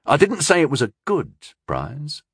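A man's voice: medium pitch, big pitch swings, measured pace, no echo, studio quality. A man voicing a confident young scholar who lectures his friend in a knowing, wry way. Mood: smirking.

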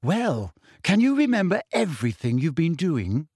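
A man's voice: fairly high pitch, big pitch swings, normal speed, a little mellow, slightly rough, no echo, clean studio sound, voice pushed up. A man voicing a blunt, self-assured teenage witch who speaks coolly and plainly. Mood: matter-of-fact. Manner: cool, blunt, matter-of-fact.

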